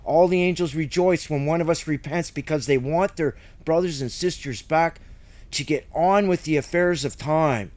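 A man's voice: on the high side, normal speed, a little mellow. A man teaching the Bible verse by verse in fervent, conversational preaching, at times choked up with emotion.

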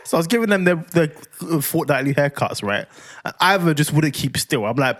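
A man in his thirties, a podcast co-host, casually telling a slangy, animated story about his son. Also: a little high, fairly quick. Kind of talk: casual chat.

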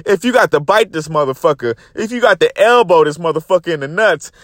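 In a brisk, animated, slightly high voice, a young man tells his phone camera a story. It's a fired-up rant laced with profanity, he keeps saying "guys" to his viewers, and the studio-quality recording has no room sound.

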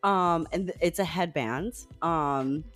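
A woman's voice: low-pitched, slow, fairly bright tone, faint music behind. A woman co-hosting a casual chat show, bantering and laughing often. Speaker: podcast co-host.

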